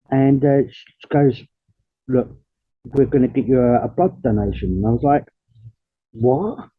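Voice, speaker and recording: A man's voice: medium pitch, slightly rough, no room sound. A young man plainly retelling his own illness story, with many fillers, on tinny audio. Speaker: patient sharing his story. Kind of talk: personal testimony.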